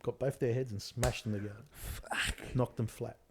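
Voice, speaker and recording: A man in his fifties with an Australian accent, a comedian telling animated stories with lots of swearing and "mate". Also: mid-range voice, moderate pace, slight background noise. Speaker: comedian guest. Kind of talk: casual storytelling chat.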